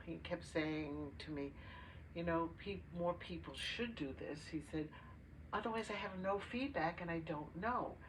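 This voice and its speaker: An older woman co-hosting a podcast, telling a family story in casual chat with pauses and filler words. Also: low voice. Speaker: podcast co-host. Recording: distant mic with faint noise.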